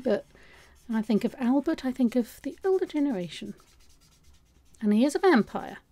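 A woman chatting casually through an art supply unboxing, rambling and restarting her sentences, her voice going a little hoarse. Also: a little high, dark tone. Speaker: art vlogger.

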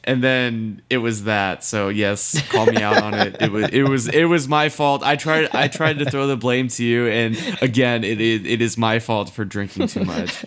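A young man co-hosts a casual podcast, rambling with many fillers, laughing at himself and admitting he's drunk. His medium-pitched, slightly bright voice is fairly even and moves at a moderate pace with hardly any pauses.

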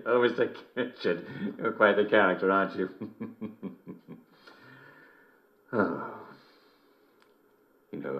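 Game voice: middle-aged English TV host, giggly and smarmy, slow and sing-song, dull lo-fi sound. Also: male voice, on the low side. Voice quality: keeps chuckling between lines, smarmy showman delivery. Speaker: TV and radio host. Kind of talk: scripted in-game broadcast.

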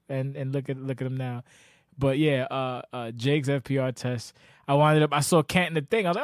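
A man's voice: mid-range voice, steady tone, brisk, no room sound, clean studio sound. A man hosting a casual podcast, telling long profane stories with lots of restarts. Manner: profane, rambling storyteller. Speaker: podcast host.

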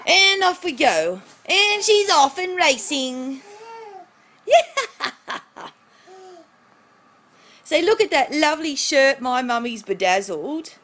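A woman's voice: high voice, very animated, slow, long pauses, fairly bright tone. A mother at home, filming her toddler on a phone and chatting to the child in a playful, sing-song baby-talk voice with chuckles. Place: at home indoors. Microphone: phone camera.

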